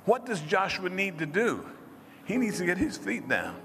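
A man preaching a sermon, leading call-and-response with the congregation and rising to shouts. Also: high voice, very animated, normal speed, a little hiss or hum. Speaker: pastor. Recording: reverberant hall with music behind.

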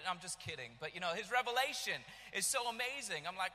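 Man, 30s, preacher, animated sermon, high voice, long hall reverb. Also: fast, hardly any pauses. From United States. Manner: animated storytelling, shouting in bursts.

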